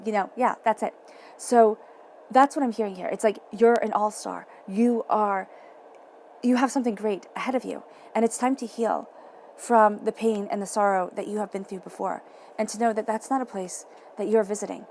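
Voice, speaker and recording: A woman giving a tarot reading, speaking in a soft, encouraging way and repeating phrases for emphasis. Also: mid-range voice, moderate pace, a little hiss or hum. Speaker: tarot reader.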